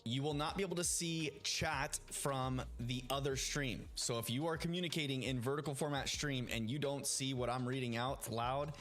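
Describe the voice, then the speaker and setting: A man's voice: medium pitch, fairly even intonation, moderate pace, few pauses, a bit bright. A man chatting casually to viewers during a live stream, upbeat and greeting people by name. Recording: faint music behind.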